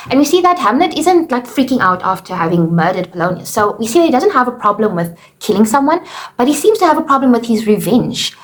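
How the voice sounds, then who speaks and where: Chatty woman teacher recapping a play. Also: medium pitch. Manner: chatty, explains with paraphrased quotes, frequent "okay" and "you know". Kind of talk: casual lesson recap.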